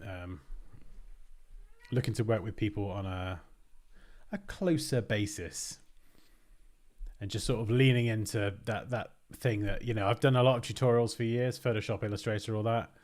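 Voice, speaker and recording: A man's voice: on the low side, moderate pace, pauses often, darkish tone. A British man hosting a design livestream, chatting casually and thinking aloud as he works. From Britain. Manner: rambling, thinks aloud, restarts phrases.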